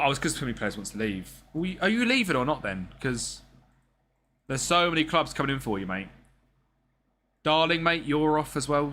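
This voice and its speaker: This gaming streamer offers casual, slang-filled commentary and talks directly to the characters in his game. He speaks at a medium pitch with a pushed, bright quality, over slight background noise.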